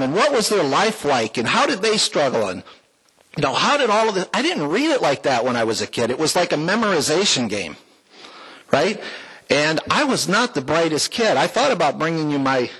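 Standing before his congregation in the sanctuary, a man shares a warm, folksy testimony with a few little jokes mixed in. He sits high in pitch, sounding a bit bright and slightly rough, and the recording quality is low.

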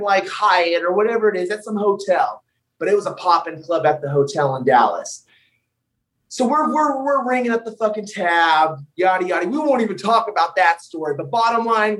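A young man, a wrestler, telling wild road stories on a podcast in a loud, profane, animated way. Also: sits high, distant mic, rough recording. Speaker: wrestler guest. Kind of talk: casual podcast storytelling.

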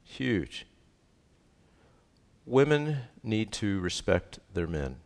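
Pastor, middle-aged man, low voice, emphatic with jokes, repeats key lines. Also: very animated, drawn-out words, darkish tone. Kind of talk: sermon.

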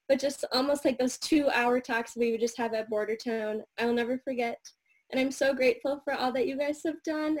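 A woman's voice: sits high, a little mellow. Grateful young woman on a video call. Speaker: student giving shout-outs. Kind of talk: heartfelt casual tribute.

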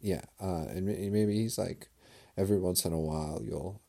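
A man's voice: sits low, moderate pace, vocal fry, mellow. A man delivering a rambling, sarcastic comedic rant full of digressions.

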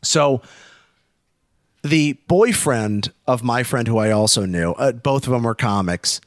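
A man's voice: mid-range voice, measured pace, no room sound, studio quality. Man telling a rowdy party story. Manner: profane, animated, acts out shouting voices. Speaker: podcast storyteller. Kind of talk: casual storytelling chat.

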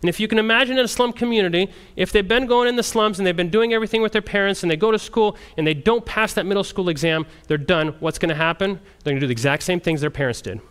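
A man who works as a missionary, telling a story to a group in an animated way and often restarting his sentences. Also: sits high, fast, hardly any pauses, clear, resonant tone. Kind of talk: storytelling testimony talk.

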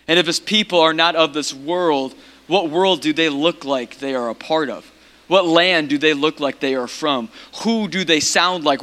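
High, bright-voiced impassioned male preacher. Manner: impassioned preaching, repetitive, rising to shouts. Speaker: pastor. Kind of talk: sermon.

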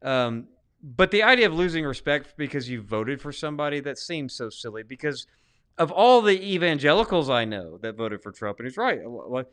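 A man's voice: mid-range voice, normal speed, clean tone. A man with a Southern US accent, co-hosting a podcast in casual debate, talking emphatically with frequent restarts. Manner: emphatic, restarts often, lively swings in loudness. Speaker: podcast co-host.

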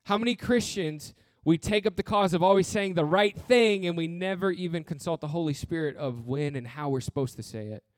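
A man's voice: a little high, fairly quick, few pauses, dry recording, clean studio sound. Earnest man preaching a sermon. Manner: earnest, blunt preaching with humor and repeated phrases. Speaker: pastor.

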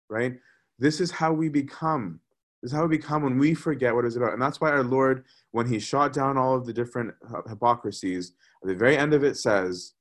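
Man, preacher, conversational sermon, mid pitch, restarts phrases. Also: normal speed, a bit bright. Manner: conversational, repeats words while thinking.

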